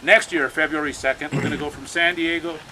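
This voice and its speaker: A man's voice: on the high side, fairly even intonation, fairly quick. A man speaking to a crowd outdoors as an activist, telling stories in an urgent way and often repeating his words. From United States. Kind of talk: impassioned outdoor speech. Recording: noisy outdoor recording.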